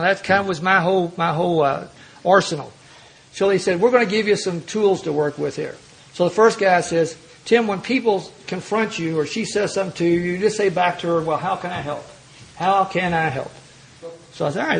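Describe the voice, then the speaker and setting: An older man from Louisville, Kentucky speaks as an AA speaker at a recovery meeting, telling stories in a folksy, self-mocking way with frequent restarts. His voice is high, slightly rough and fairly quick, with vocal fry. The audio quality is poor.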